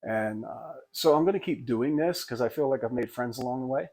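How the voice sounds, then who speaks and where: A man's voice: medium pitch, fairly quick, darkish tone. Folksy older man rambling casually. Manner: rambling, folksy, self-deprecating with many restarts. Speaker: pastor and hobby woodworker. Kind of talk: casual talk to camera.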